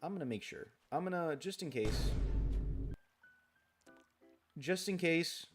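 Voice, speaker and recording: A man's voice: fairly high pitch, lively intonation, takes it slowly, music in the background. Rambling, grumbling male game streamer. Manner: rambling, restarts sentences, grumbles and swears at the game; reads viewer comments aloud and answers them. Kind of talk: casual late-night live-stream chat while gaming.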